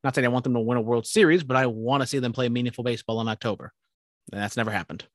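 A man's voice: mid-range voice, rapid-fire, dry recording, clean studio sound. Rambling young man on a podcast. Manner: rambling, swears casually, many restarts. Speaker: podcast co-host. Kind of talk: casual chat.

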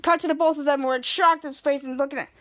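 A woman's voice: high-pitched, steady tone, rapid-fire, fairly bright tone. A woman hosting a podcast, retelling a show episode in a casual, rambling way, often correcting herself mid-line. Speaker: podcast host.

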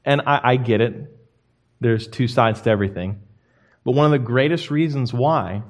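A young man delivering a sermon with an emphatic, lively manner. His voice sits in an average male range and rises and falls with quick swings from quiet to loud. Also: medium pitch. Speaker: pastor.

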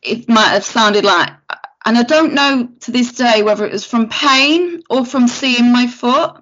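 Woman, podcast guest, animated storytelling, acts out quotes, slightly high voice, dull lo-fi sound. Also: a little slow. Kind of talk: casual storytelling chat. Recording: lo-fi podcast audio.

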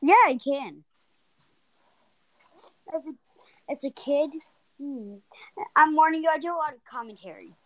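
A woman with a high voice co-hosts a casual podcast. She talks haltingly, with plenty of fillers and asides, even while she reads out a spooky story. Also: poor audio. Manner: halting, full of fillers and giggles, chatty asides. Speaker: podcast co-host.

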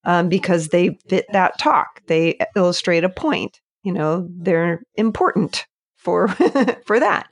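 A middle-aged woman speaking as a podcast guest, her voice sitting a little low for a woman. She talks in a thoughtful, hesitant way, with plenty of ums and restarts. The recording is close and dry. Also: takes it slowly, slightly rough, no echo. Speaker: podcast guest, landscape photographer. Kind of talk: casual interview chat.

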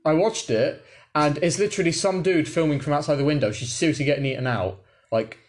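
A young man from England, co-hosting a podcast in casual chat, rambling and swearing freely. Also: a little high. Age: young adult. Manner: rambling, swearing, quick to laugh. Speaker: podcast co-host. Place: room, sitting on the floor.

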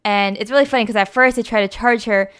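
A woman's voice: fairly high pitch, fast talker, fairly bright tone, clear, resonant tone. A young adult woman casually retelling a story, chatty and full of fillers like "like" and "you know".

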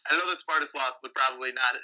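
A man's voice: medium pitch, fast, sharp tone, low-quality recording. A young man chatting casually with friends, mostly brief agreeable remarks. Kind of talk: casual chat among friends.

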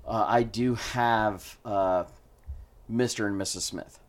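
A man of ordinary pitch who chats easily about old movies. He speaks in short, relaxed remarks with a few fillers. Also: takes it slowly. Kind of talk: casual chat.

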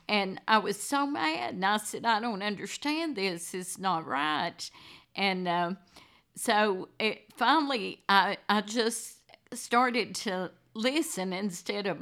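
Woman, interview guest, very slow, deliberate speech, earnest and candid. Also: medium pitch, fairly bright tone. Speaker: interview guest, grieving mother. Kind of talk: casual interview, recounting personal loss.

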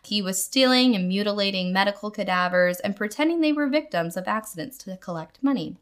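A woman's voice: medium pitch, expressive, a little fast. A woman co-hosting a podcast, chatting casually and reading notes, with a giggly, chatty manner and a lot of "like". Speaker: podcast co-host.

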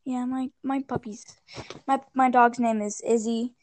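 A woman's voice: fairly high pitch, fairly even intonation, a little slow, darkish tone, dry recording. A young woman co-hosting a casual podcast, rambling and distracted, swearing offhandedly as she fiddles with links. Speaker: podcast co-host. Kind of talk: casual chat.

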